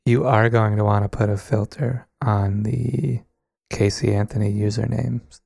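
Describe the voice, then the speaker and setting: A young man with a low, gravelly voice, co-hosting a comedy podcast and delivering his lines dry and matter-of-fact. The sound is close and dry, without any room. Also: fairly even intonation, measured pace, a little mellow, no room sound. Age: young adult. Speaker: podcast co-host.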